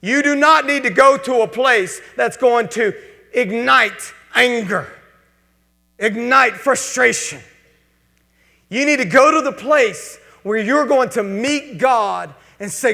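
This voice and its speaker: A man's voice: extremely high pitch, slow, creaky, pushed and bright. A man preaching a sermon as pastor, mixing scripture readings and spoken prayers with casual asides. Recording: long hall reverb.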